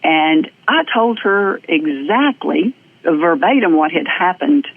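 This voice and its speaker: A middle-aged woman with a Southern US accent, a guest telling her personal story with earnest, lively energy and frequent fillers. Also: lowish voice, slow pace, slightly rough. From American South. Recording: tinny phone-like audio.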